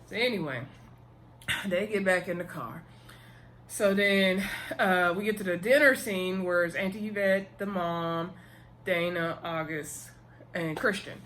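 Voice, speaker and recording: A woman giving a casual, animated recap of a TV episode, full of slang and playful asides. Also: on the low side, measured pace, long pauses, a little hiss or hum. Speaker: TV episode reviewer.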